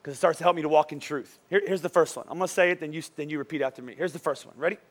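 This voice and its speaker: A middle-aged male pastor preaching a lively, joking sermon in church, urging the congregation to repeat lines after him. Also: fairly high pitch, rapid-fire. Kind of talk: lively sermon with call-and-response. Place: church service before a congregation.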